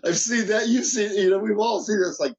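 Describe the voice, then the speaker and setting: A man speaking as a guest business mentor in a casual interview, animated and full of restarts and repeated words. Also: sits high, normal speed, highs cut off.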